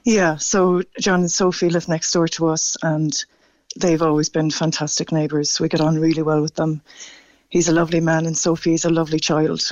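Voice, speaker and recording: Male caller, dry and dull phone sound, flat, stammering and moved. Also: fairly high pitch, normal speed, dry recording. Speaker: radio caller. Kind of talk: phone-in radio chat.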